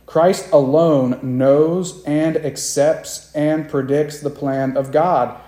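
A man's voice: on the high side, steady tone, slow, dark tone. Preaching man in an echoey room. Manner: acts out the quoted disciples with raised voices. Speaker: pastor. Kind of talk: sermon.

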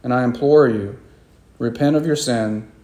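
A man's voice: medium pitch, normal speed, mellow, roomy sound. A man preaching a sermon as pastor, earnest and emphatic, driving points home by repeating them.

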